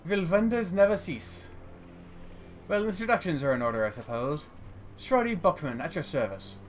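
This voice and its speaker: A man voicing a gruff, well-meaning old male junk scavenger with a put-on German accent. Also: a little high, big pitch swings, moderate pace, faint music behind, pitched above the performer's own voice.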